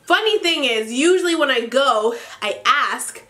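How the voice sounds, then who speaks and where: A woman's voice: high-pitched, expressive, a little slow, bright, forceful tone. A young pregnant woman vlogging, telling an exasperated story in a casual ranting style and swearing freely. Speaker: beauty vlogger.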